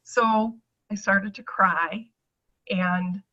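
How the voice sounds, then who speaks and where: A woman's voice: medium pitch, fairly even intonation, very slow, pushed and bright, muffled recording. A middle-aged woman giving a chatty personal testimonial to an audience, acting out the voices she quotes.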